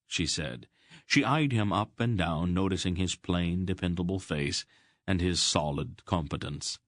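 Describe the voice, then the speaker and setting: A man narrating a fantasy audiobook in a measured, expressive storytelling way. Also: low voice, no echo, clean studio sound.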